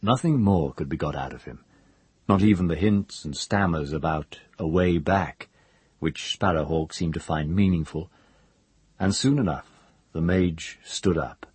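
A man narrating a fantasy audiobook in a measured, even storytelling manner. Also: sits low, breathy edge, dry recording. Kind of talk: scripted narration.

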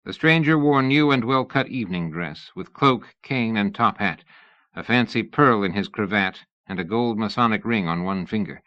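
A man narrates a novel in a measured, storytelling manner. His voice sits on the low side, and the recording is very dry with a dull, muffled sound. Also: animated, pushed and bright, no echo. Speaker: audiobook narrator. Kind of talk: scripted narration.

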